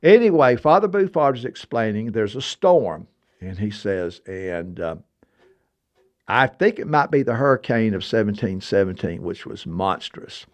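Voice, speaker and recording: An older man in his seventies hosts a casual chat and spins long, digressive stories. His delivery is animated and emphatic, and his pitch swings widely as he talks, leaping up for the punch lines and dropping back down for the asides. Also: unhurried. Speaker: podcast host.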